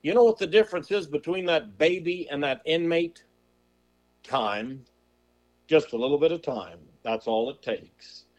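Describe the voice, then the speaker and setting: Man preaching emphatically, fairly high voice. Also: lively intonation, highs cut off. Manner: emphatic preaching with rhetorical questions; slows and drawls on scripture quotes. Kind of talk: sermon.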